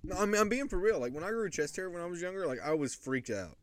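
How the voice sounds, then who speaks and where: A young man co-hosting a casual podcast, joking around in a lively way. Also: sits high, fast talker. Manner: lively and joking, breaks into laughter. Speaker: podcast co-host. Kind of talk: casual chat.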